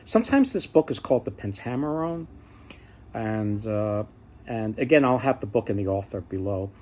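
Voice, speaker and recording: A man's voice: fairly low pitch, animated, moderate pace, dark tone. Man rambling through a folk tale. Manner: rambling, many fillers and restarts. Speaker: storyteller. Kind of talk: casual spoken retelling of folk tales.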